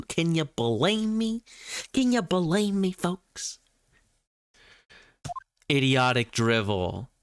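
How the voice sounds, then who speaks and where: A man's voice: on the high side, fairly bright tone. A man streaming a video game, rambling through casual commentary in a goofy, exasperated way.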